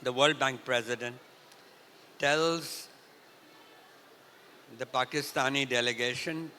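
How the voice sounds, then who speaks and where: An older man from Punjab tells a story at a festival talk, often clearing his throat. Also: medium pitch, fairly even intonation, bright, forceful tone, a little hiss or hum. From India, Punjab. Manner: clears throat often, unhurried anecdotal retelling. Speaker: festival speaker. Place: large hall at a literature festival. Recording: reverberant hall.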